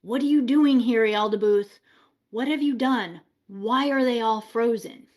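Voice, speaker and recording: A bewildered mother asks urgent questions in a fairly high voice, as a woman reads her part. The reading is plain and close to everyday speech. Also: measured pace, darkish tone, lightly acted. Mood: alarmed. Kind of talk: dramatic story reading.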